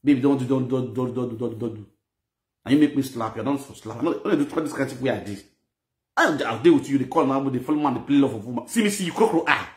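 A man with a Nigerian Pidgin English accent, telling a personal story in an animated, mixed-language way. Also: medium pitch, very fast, echoey room. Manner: animated, mixes Pidgin and Yoruba phrases. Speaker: social media presenter. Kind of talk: storytelling monologue.

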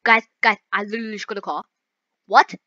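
A young woman playing a game and chatting to her viewers, bubbly and giggly, with excited outbursts. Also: medium pitch, fast talker, no echo, lo-fi sound. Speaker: gaming YouTuber. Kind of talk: excited gameplay commentary.

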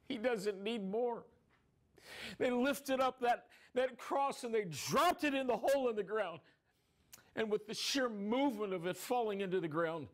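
A man's voice: sits high, heavily acted. A man playing a grieving younger brother who tells, in a first-person dramatic monologue, how he watched his brother suffer, his telling rising into anguished cries. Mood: grief-stricken. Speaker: dramatic storyteller.

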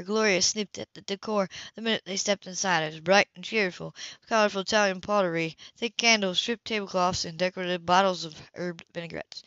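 A woman reading a novel aloud at an ordinary pitch, steady and plain. Her voice sounds close and dry, and the recording is a little dull. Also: fairly quick, few pauses, dry recording. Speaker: audiobook reader.

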